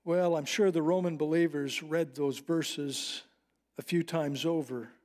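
A man's voice: a little high, fairly even intonation, darkish tone. Earnest preacher, man with a raised voice. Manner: earnest, personal storytelling with slowed emphatic phrases. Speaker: pastor. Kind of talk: sermon.

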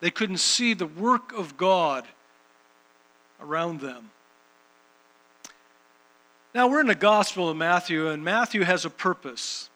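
A man's voice: high-pitched, lively intonation, takes it slowly, long pauses, pushed and bright, low-quality recording. A man preaching a sermon and reading scripture, emphatic, repeating phrases for rhythm.

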